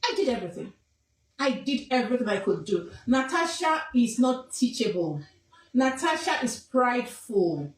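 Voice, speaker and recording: A woman's voice: on the high side, big pitch swings, moderate pace, distant mic. Insistent Nigerian woman in an echoey room. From southwest Nigeria. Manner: scolding, insistent, repeats phrases for emphasis. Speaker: traditional king's advisor. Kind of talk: emphatic personal statement to camera.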